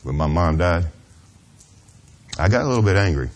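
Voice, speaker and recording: A middle-aged pastor preaches in church, earnest and confessional, asking the congregation "Amen?" and dropping to a hushed near-whisper at tender moments. His voice is deep and animated, at normal speed.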